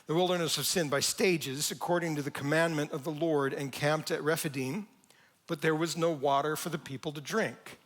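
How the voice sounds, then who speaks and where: A man preaching a sermon as pastor, conversational and lively, reading scripture and acting out the quoted lines. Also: a little high, normal speed. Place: church sanctuary.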